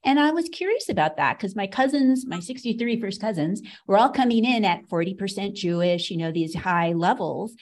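A middle-aged American woman shares a personal story as a podcast guest. Her voice sits at an ordinary pitch. She tells it with a dry, sarcastic wit. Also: animated, normal speed, hardly any pauses, darkish tone. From United States. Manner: sarcastic, wry.

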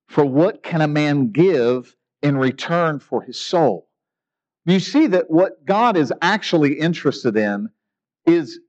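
A man's voice: a little high, darkish tone, muffled recording. A man preaching a sermon in an earnest, emphatic way, asking rhetorical questions. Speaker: pastor.

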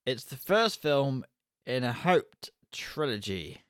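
A man co-hosting a casual podcast, wry and joking as he talks. His voice is mid-pitched and sounds dry and close. The delivery is relaxed banter. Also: takes it slowly, dry recording. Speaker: podcast co-host. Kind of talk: casual chat.

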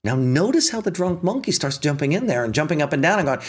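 Husky, lively-voiced male self-help speaker. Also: normal speed, hardly any pauses. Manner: animated, rising pitch when emphatic, drops low and soft for punchlines. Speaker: motivational speaker. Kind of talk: spiritual self-help talk with storytelling.

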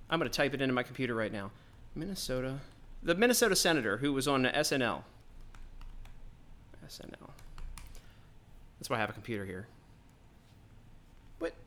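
A fired-up podcast host rants solo about politics in a heated, profane, rambling way. His voice is on the high side with a sharp tone.

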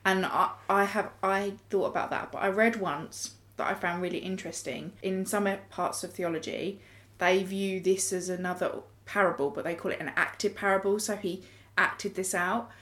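A woman's voice: medium pitch, steady tone, moderate pace, hardly any pauses, fairly bright tone. A woman in a casual group discussion, explaining her ideas in a reflective way.

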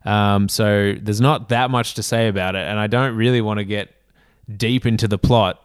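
A man's voice: lowish voice, fairly even intonation, normal speed, clear, resonant tone, no echo. A man, co-hosting a casual movie review chat with a wry, dry humor. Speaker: podcast co-host.

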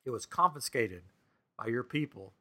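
A man's voice: mid-range voice, normal speed. A man co-hosting a podcast, casually retelling a frustrating experience with lots of quoted back-and-forth. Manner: animated, exasperated retelling with quoted dialogue. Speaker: podcast co-host. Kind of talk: casual storytelling chat.

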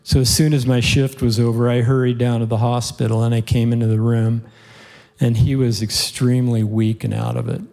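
Speaking a little fast in a gravelly, medium-pitched voice with a level tone, a man preaches to his congregation. He tells a heartfelt story earnestly, letting out occasional soft laughs as part of his sermon.

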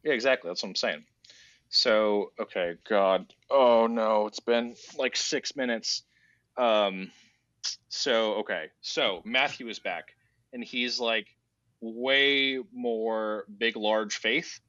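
A man's voice: fairly low pitch, slow, fairly bright tone, no echo, highs cut off. A man hosting a casual podcast who rambles through a story recap in a sarcastic, mock-casual way. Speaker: podcast host.

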